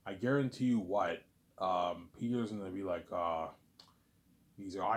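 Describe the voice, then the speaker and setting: A man's voice: sits low, moderate pace, long pauses. A man ranting casually in a rambling, repetitive way, swearing often and saying "man" a lot. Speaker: vlogger.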